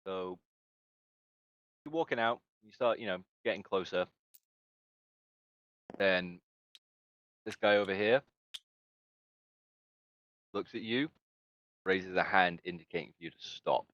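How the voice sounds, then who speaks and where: A man with a very low voice runs a tabletop game as game master. His narration rambles and hesitates, full of fillers and small laughs. The voice chat is dry and dull, with a lo-fi sound. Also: takes it slowly, long pauses, dry recording.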